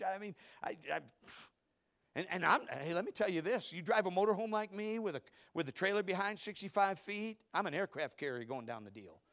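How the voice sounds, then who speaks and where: Lively, high-voiced male preacher. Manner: animated storytelling with loud outbursts and hushed asides. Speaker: pastor. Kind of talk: sermon.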